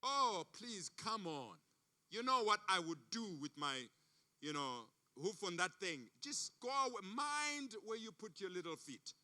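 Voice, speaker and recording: A man's voice: high voice, sing-song, measured pace, pushed and bright, heavily acted. A man voicing a scornful pig who waves off a warning, in a sermon story. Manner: scoffing, brushing off. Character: scornful lazy farm pig.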